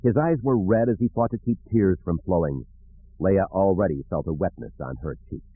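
A man narrating an audiobook in an expressive storytelling manner, with a husky voice. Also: sits low, moderate pace. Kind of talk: scripted narration. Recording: narrow phone-like audio.

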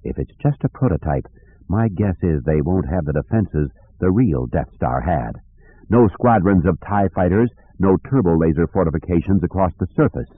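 A man's voice: low-pitched, fairly quick, hardly any pauses, dry recording. A man voicing a grim, hard-edged woman commander who speaks in clipped orders. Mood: low, grim. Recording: dry tinny phone-like audio.

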